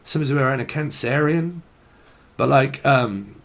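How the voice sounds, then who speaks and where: Speaking at a normal speed in a mid-range voice, a male tarot reader offers a laid-back channelled reading. He rambles and free-associates, laughs often and swears casually.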